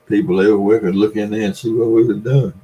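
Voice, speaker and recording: Here the older Southern livestream host talks quickly in a fairly low, warm voice with a steady tone, rambling through folksy tales and answering viewer comments. The recording sounds muffled.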